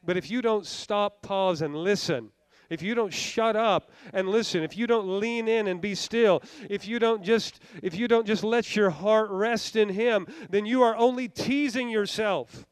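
A man's voice: high-pitched, measured pace, clear, resonant tone, no echo. A man preaching a sermon as a pastor, fervent and self-deprecating, with many repeated phrases.

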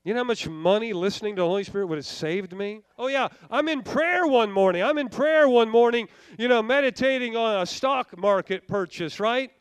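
Man, preacher, fervent, self-deprecating, smooth voice, dry recording. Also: high voice, fairly quick, hardly any pauses, no echo. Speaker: pastor. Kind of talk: sermon.

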